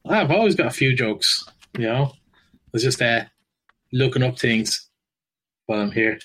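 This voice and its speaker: A man's voice: medium pitch, lively intonation, fairly bright tone. Joke-telling man. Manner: tells jokes with quick character voices and laughs at his own punchlines. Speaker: podcast co-host. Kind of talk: telling jokes in casual chat.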